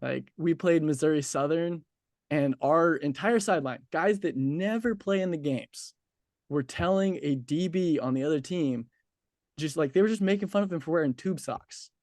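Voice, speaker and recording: A young man in his twenties leads a casual interview with a somewhat high voice. He talks in a chatty, easygoing way, laughs easily and leans on filler words. The sound is dry and close. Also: moderate pace, darkish tone, no room sound.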